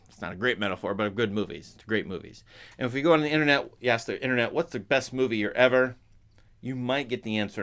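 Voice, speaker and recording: A man's voice: on the low side, fairly bright tone. A man chatting casually to his viewers as a film commentator, rambling with restarts and asides.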